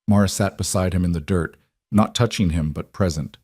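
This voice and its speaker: A male storyteller reads a western tale in an even, measured way. His voice sits on the low side and is recorded close and dry, with no room around it. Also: no room sound. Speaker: narrator. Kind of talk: scripted story narration.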